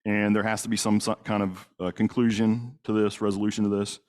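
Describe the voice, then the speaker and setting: A middle-aged police detective and crisis negotiator tells a story while lecturing a congregation. His voice is fairly low, level and brisk with a slightly mellow quality. He speaks plainly, with lots of fillers and restarts.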